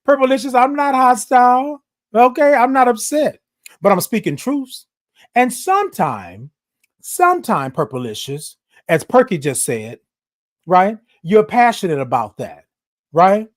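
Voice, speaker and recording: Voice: mid-range voice, sing-song, unhurried. A livestream host talking straight to viewers in a passionate, emphatic way, raising the voice and repeating lines like a sermon. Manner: passionate, emphatic, raises voice, preachy repetitions. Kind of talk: animated live-stream talk to viewers.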